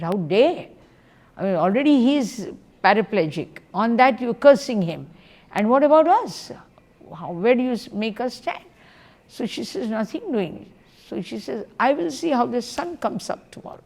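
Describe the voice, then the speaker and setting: A woman gives a religious talk as a spiritual teacher. She tells stories in an animated way and acts out the voices of the people she quotes. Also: mid-range voice, vocal fry.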